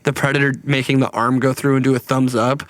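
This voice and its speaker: A man's voice: mid-range voice, flat delivery, quick pace, no room sound. A young man co-hosting a casual podcast, laughing often, swearing and acting out movie lines as he reviews films. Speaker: podcast co-host. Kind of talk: casual chat.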